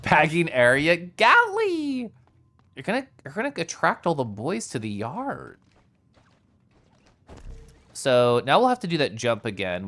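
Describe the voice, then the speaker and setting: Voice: mid-range voice, fairly bright tone. A streamer giving chatty, playful live commentary while playing a game and joking with chat.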